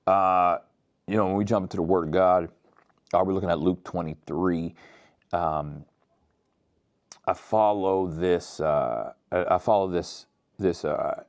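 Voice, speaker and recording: A man delivers a casual, conversational sermon full of slang. His voice sits very low, and the recording is close and dry with no room sound. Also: darkish tone, dry recording. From Pittsburgh, USA. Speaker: pastor.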